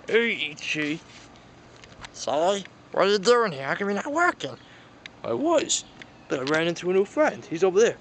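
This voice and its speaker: A man's voice: high-pitched, very animated, normal speed, pauses often, a bit bright, slight background noise. A man improvising a toy-play story, voicing the characters himself with frequent gasps and exclamations.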